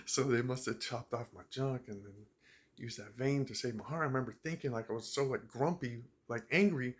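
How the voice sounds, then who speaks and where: A man's voice: medium pitch, brisk. A young man tells a personal story straight to the camera, rambling a little and laughing now and then. His voice sits in a middle register, and his speech is loose and full of fillers. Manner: rambling, laughs while telling, many fillers. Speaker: vlogger.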